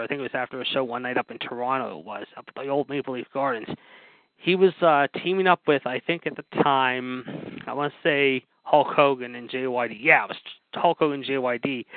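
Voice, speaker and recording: Guy rambling through old stories, lots of "of course", sounds like a phone line, no room echo. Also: medium pitch. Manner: rambling, many fillers and repeated "of course". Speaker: podcast host. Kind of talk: casual storytelling about wrestling history. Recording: dry, phone-like narrow sound.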